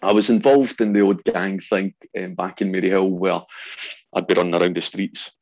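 Deep gravelly glasgow guy, 40s, husky, chatty storyteller, lots of ums. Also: normal speed. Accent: Glaswegian Scottish. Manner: animated storyteller, acts out quotes, frequent ums. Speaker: guest, ex-soldier. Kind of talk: storytelling in an interview.

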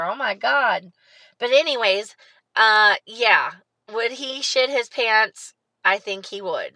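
Bright-voiced woman rambling on a podcast. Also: a little high, lively intonation, slow, dry recording, low-quality recording. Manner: rambling and candid, with frequent swearing and fillers. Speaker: podcast host. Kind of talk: casual solo podcast monologue.

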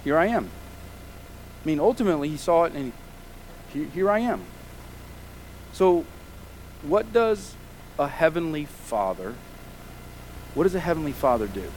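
Animated, fairly high-voiced male preacher. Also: normal speed, long pauses, slight background noise, rough recording. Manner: emphatic preaching with rhetorical questions. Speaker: pastor. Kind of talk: sermon.

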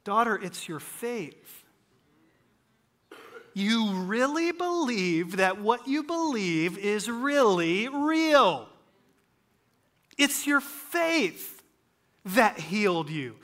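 Preacher giving a sunday sermon, slow deliberate delivery, bright forceful tone, jokes then drops quiet. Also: mid-range voice, sing-song. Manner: dramatic, acts out scripture scenes, swings loud and soft; humorous asides. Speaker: pastor.

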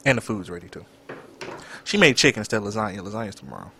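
A young man co-hosting a podcast in casual chat, animated and dramatic. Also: lowish voice, racing, a little hiss or hum. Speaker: podcast co-host.

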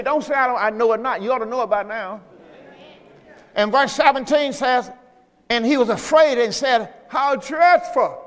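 A middle-aged pastor delivers a sermon in a notably high voice, reading scripture and breaking off to urge the congregation. His words ring out with a long reverb from the church sanctuary. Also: a bit bright. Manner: preaching, reading scripture aloud with call-and-response asides.

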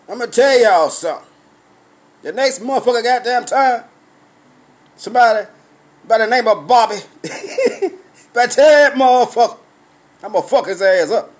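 A man telling a profane comic story as a rant, loud and repetitive, acting out his own confrontations. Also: very high-pitched.

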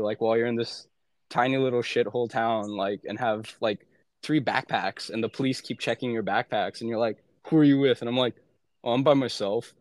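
A man's voice: medium pitch, no echo. Rambling young man, dry close sound. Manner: rambling, heavy "like" fillers, frequent swearing. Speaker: podcast guest, former aid worker. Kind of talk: casual chat.

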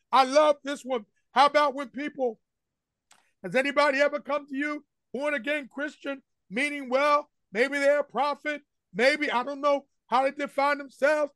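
A senior pastor preaches a sermon in a church sanctuary with a strikingly high, fairly bright voice, driving each point home with repeated refrains. He addresses the congregation directly and they respond in call-and-response fashion. The sound is close and dry, with almost no room around it.

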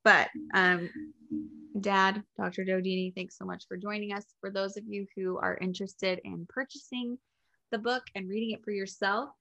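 A woman's voice: mid-range voice, fairly even intonation, moderate pace, gravelly, bright, forceful tone. A woman co-hosting a podcast, telling family stories in a chatty way with lots of fillers. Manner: chatty storytelling with frequent fillers. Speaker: podcast co-host. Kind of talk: casual chat.

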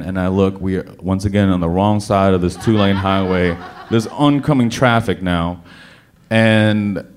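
A man with a somewhat low voice spins a story for a live crowd. He talks in an animated way, tripping over restarts and pushing hard on key words. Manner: animated, stammering restarts, bursts of emphasis. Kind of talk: storytelling before a live audience.

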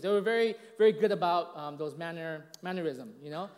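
A man in his late thirties, speaking a little fast with a darkish tone, delivers a casual, conversational sermon as a pastor. He tells stories packed with fillers and "you know, right?" asides, acting out quoted voices with big jumps in pitch. The long reverb of a large hall surrounds his voice.

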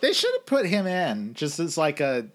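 A man's voice: fairly high pitch, huge pitch swings, normal speed. A man co-hosting a casual chat who explains things with enthusiasm. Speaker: podcast co-host.

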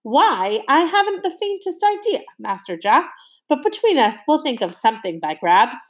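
A woman voicing a calm, dignified male butler who speaks formally and politely in a storybook reading. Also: sits high, normal speed, voice pushed up. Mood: composed.

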